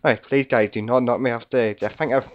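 A man hosting a casual game commentary, slightly hoarse from being sick, rambling and chatty as he talks to viewers and fellow players. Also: medium pitch, fairly even intonation, fast, phone-quality sound. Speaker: gaming video host.

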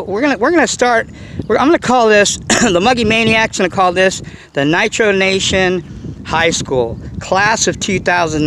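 A middle-aged man talks in a loose, rambling way as he hosts his RC car vlog outdoors, circling back and leaning on fillers. His voice sits a bit high for a man. A faint outdoor hiss runs underneath. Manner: rambling, repeats himself, fillers like you know. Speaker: RC car vlogger. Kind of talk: casual rambling vlog talk.

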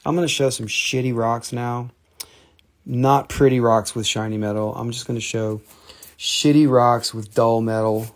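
A man hosting a casual live rock and mineral sale, rambling and joking, teasing viewers by name, and drifting into quiet murmurs as he handles the specimens. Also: mid-range voice, fairly even intonation, moderate pace. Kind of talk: casual live sales chat.

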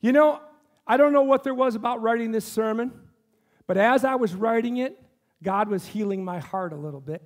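A male pastor with a notably high voice delivers an impassioned sermon in a church. He keeps turning to the congregation with questions and pressing his point. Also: moderate pace. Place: church sanctuary.

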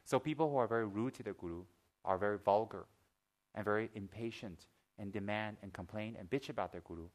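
A man teaching as a Buddhist teacher in a Dharma talk, mixing teaching with lively personal stories, joking asides and acted-out gasps. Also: lowish voice. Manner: lively storyteller, acts out gasps and shouts.

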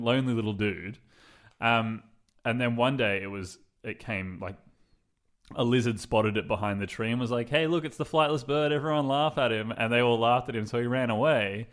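A young Australian man chatting on a podcast, retelling a story loosely with lots of "like" and playful asides. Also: on the low side. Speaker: podcast co-host. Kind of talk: casual podcast chat.

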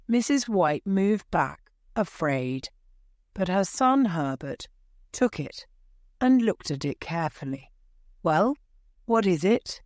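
Slow, measured storybook narrator. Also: mid-range voice, sing-song, a little mellow, no echo, clean studio sound.

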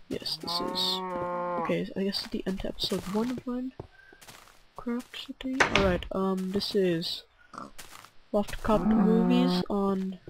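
A man's voice: high-pitched, slight background noise, rough recording. A teenage boy with bronchitis, commenting casually as he plays a game, mumbling as he reads signs aloud and yelping now and then. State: has bronchitis. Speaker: gaming channel host.

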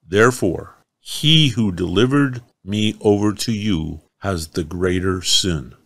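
A serene teacher answering quietly, as a male scripture reader gives him voice. The voice is low, slow and measured. The sound is dry and close. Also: no room sound, full character voice. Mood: calm. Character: calm, steady religious teacher.

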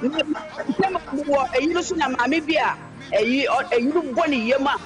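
A Ghanaian man giving a testimony on a live broadcast, speaking haltingly with many restarts. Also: very high-pitched, music in the background.

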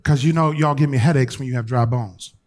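A man preaching a sermon as bishop to his congregation, telling stories with colloquial asides and moving between loud, lively passages and quiet, hushed urging. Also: mid-range voice, a little fast.

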